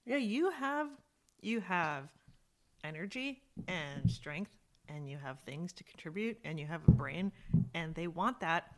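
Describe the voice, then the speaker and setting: A woman co-hosting a podcast in casual chat, who talks in an animated, giggly, playful way. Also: fairly low pitch, unhurried, a little hiss or hum. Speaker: podcast co-host.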